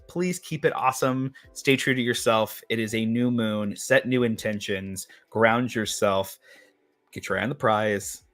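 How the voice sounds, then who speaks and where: A man's voice: mid-range voice, fairly bright tone. A man hosting a casual craft livestream, chatty and upbeat, rambling a little as he reads viewer comments. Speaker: host of a craft and witchcraft livestream.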